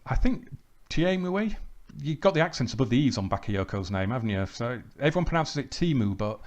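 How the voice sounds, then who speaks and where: A man's voice: mid-range voice, fast talker. A man hosting a football management game let's play, calling the match like a commentator and chatting about his tactics. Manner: excited play-by-play, then calm chatty asides.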